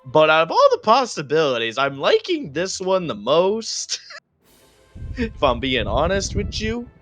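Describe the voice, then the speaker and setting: A man's voice: on the high side, wildly swooping pitch, unhurried, fairly bright tone, dry recording, faint music behind. A man chatting enthusiastically as a player in a tabletop game's setup session, laughing often. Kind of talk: casual chat before a tabletop game.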